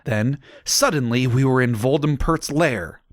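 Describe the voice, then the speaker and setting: A man narrating a comedic audiobook in a deadpan manner, with dry asides. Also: mid-range voice, a little slow, dry recording.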